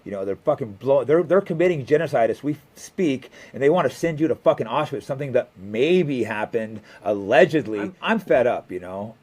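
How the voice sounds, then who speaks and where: A man on a talk show rants with indignant heat, dropping curses and stumbling into restarts. His voice sits at an ordinary middle pitch. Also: lively intonation, brisk, hardly any pauses, darkish tone, husky. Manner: indignant, profane, stammering restarts.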